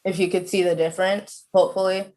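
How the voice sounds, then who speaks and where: A woman's voice: fairly low pitch, level tone, fast, warm tone, a little hiss or hum. A woman of about twenty, a student guest on a video call, chatting casually with lots of "like" fillers. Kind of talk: casual interview chat.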